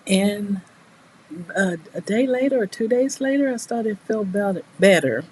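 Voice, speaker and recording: A woman's voice: mid-range voice, expressive, normal speed, a little mellow, slightly rough, poor audio. A middle-aged woman chatting casually to her live viewers from a bedroom desk, rambling and laughing as she talks. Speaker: writing streamer. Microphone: new desk mic, not yet working well.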